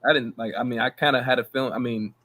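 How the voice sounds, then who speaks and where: A man co-hosting a basketball podcast, talking in animated casual slang and laughing often. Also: mid-range voice, fast talker. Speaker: podcast co-host. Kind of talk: casual sports chat.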